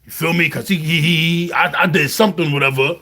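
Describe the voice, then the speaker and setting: A man with a Brooklyn accent, telling jail stories in a casual, animated monologue full of slang. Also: on the high side, fairly quick. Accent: New York, Brooklyn. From New York. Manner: animated storytelling, heavy slang, repeats "you heard". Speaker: vlogger.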